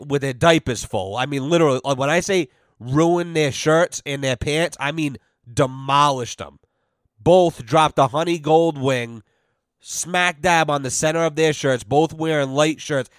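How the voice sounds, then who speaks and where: A man telling a story on his podcast in a profane, animated way, acting out both sides of conversations. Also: on the high side, no room sound, clean studio sound. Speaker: podcast host. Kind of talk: casual storytelling monologue.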